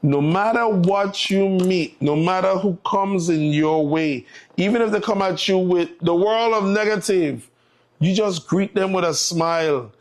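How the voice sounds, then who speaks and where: A man's voice: high voice, measured pace. A man with a Virgin Islands accent, hosting a live morning show and closing with an upbeat, encouraging monologue. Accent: Virgin Islands English.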